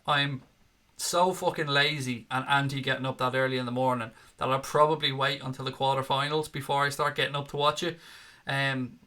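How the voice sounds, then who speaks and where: A man's voice: medium pitch, little pitch movement, fairly quick, bright, forceful tone. A man hosting a casual fan chat show, reading viewer comments with sarcastic, sweary jokes.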